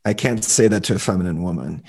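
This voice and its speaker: A lower-pitched man coaching on relationships in a casual podcast chat. He talks in a relaxed, opinionated way, laying out his points with a few filler words. His delivery is steady and conversational. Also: fast, breathy edge.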